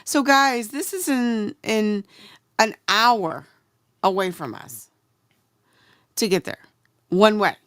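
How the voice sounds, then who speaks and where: An American woman co-hosting a podcast, telling a story in a chatty, animated way. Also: medium pitch, takes it slowly, long pauses, dry recording, clean studio sound. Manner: chatty, animated retelling with acted-out quotes. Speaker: podcast co-host. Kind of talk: casual storytelling chat.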